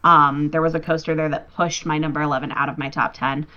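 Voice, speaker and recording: A woman's voice: low voice, little pitch movement, fast talker, sharp tone, lo-fi sound. A young woman chatting as a podcast guest, enthusiastic and swearing freely. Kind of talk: casual chat.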